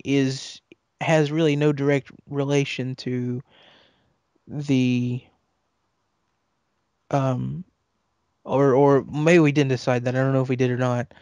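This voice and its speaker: A man co-hosting a casual podcast chat, halting and restarting his sentences and laughing often. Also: medium pitch, darkish tone, no echo. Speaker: podcast co-host.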